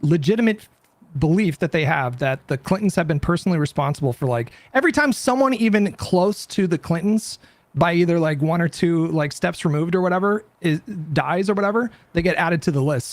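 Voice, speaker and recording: Fairly high-voiced man explaining, dry mic. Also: expressive, a little fast, dry recording. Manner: explanatory, profane. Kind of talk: casual political talk.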